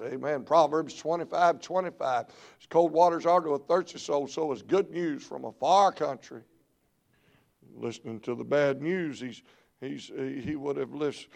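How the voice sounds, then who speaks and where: A middle-aged preacher delivers a revival sermon from a church pulpit. His voice carries a gravelly edge and a mid-range pitch. He drops to near-murmurs, then climbs into loud, shouted peaks. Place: church sanctuary.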